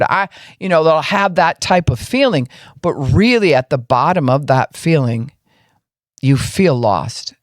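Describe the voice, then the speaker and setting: Earnest man with a higher voice. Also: expressive, moderate pace, no echo, studio quality. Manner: acts out people's inner voices in quoted lines; earnest, explaining step by step. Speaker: podcast speaker on grief and emotions. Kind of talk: teaching talk.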